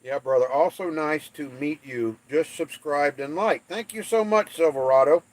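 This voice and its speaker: A man's voice: fairly high pitch, moderate pace. A man from the United States hosting a livestream, reading viewer comments and joking about English place names in playful trash talk. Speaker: livestream host.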